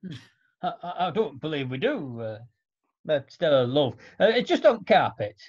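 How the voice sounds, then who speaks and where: A folksy, easygoing allotment gardener, played by a man, rambling in a lively, sing-song voice. He stammers and trails off, and the sound is dull and lo-fi. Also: fairly high pitch, moderate pace, breathy edge. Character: scruffy older allotment gardener, chatty and easygoing. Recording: dull lo-fi recording.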